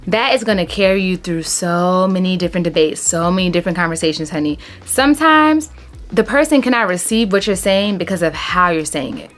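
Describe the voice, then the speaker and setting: A woman in her thirties talks casually to camera, handing out relationship advice in an animated, emphatic way and calling viewers honey. Her voice is lowish and fairly quick, with soft music in the background.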